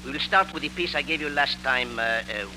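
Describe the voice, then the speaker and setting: A man's voice: mid-range voice, a little fast, background noise, natural voice. A man playing a fussy, exasperated violin teacher with a French accent on a 1940s radio comedy.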